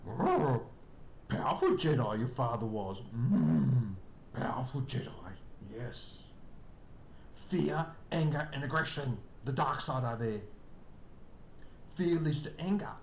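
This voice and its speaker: A live streamer putting on the voice of an ancient, cryptic alien Jedi master with backward word order and throaty hums, in an echoey room with a faint rumble. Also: a little mellow.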